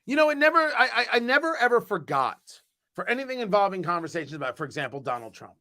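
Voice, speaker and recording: Male host, casual stream talk, high pitched and animated, punchy and emphatic. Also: quick pace. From US East Coast. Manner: animated, emphatic, repeats words. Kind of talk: casual live-stream chat.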